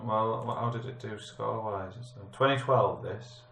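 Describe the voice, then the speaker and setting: A man's voice: lowish voice, normal speed, a bit bright. A British man hosting a casual film debate podcast, joking and reading out film facts. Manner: jokey, reads film facts off a screen. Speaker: podcast host. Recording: roomy echo.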